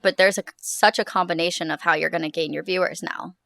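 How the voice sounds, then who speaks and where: A young woman co-hosting a podcast in casual chat, explaining things quickly with plenty of fillers. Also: lowish voice, fairly even intonation, gravelly, fairly bright tone, dry recording, clean studio sound. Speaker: podcast co-host.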